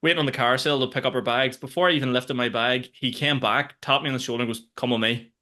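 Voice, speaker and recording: A young man, co-hosting a comedy podcast and telling stories in a loose, animated way. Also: medium pitch, quick pace. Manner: animated storytelling, swears freely. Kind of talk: casual comedic chat.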